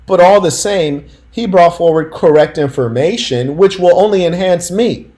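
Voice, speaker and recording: Slangy, emphatic man with a higher voice. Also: normal speed, warm tone. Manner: slangy and emphatic, talks straight to the audience. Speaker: streamer and commentary host. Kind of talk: casual storytelling commentary.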